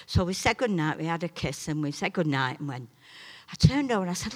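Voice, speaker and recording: A middle-aged woman preaching a sermon and telling a personal testimony, swinging between loud, emphatic peaks and soft, chatty asides. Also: fairly low pitch, animated, brisk. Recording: long reverb of a large hall.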